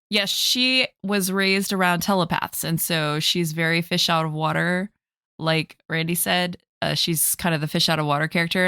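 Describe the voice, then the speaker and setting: A woman's voice: sits low, no echo, clean studio sound. A woman player chatting about a tabletop game, telling stories with lots of laughter. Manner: chatty, laughs often, animated storytelling. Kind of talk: casual podcast chat about a game.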